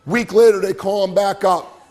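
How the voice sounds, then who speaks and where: A middle-aged man giving an animated storytelling presentation to a live audience, often checking in with "right?". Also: sits high, moderate pace, faint music behind. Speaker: motivational speaker.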